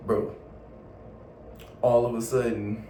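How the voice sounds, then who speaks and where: A young man telling a casual storytime vlog in slangy, animated talk full of swearing. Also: mid-range voice, slow, distant mic, a little hiss or hum. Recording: roomy echo, a bit off mic, faint ambience.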